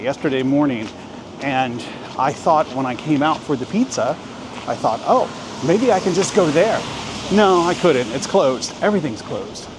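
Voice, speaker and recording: A man in his thirties walking city streets and chatting casually to his camera as a travel vlogger, joking and thinking aloud. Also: on the high side. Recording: outdoor street noise. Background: street and traffic noise.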